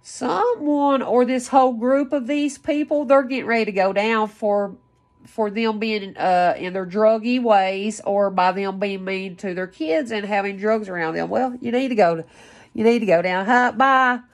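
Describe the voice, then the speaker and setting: A woman giving an excitable, rambling channeled spiritual reading, full of gasps, exclamations and casual swearing. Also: medium pitch, moderate pace. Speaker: spiritual card reader. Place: her home, lives in West Virginia.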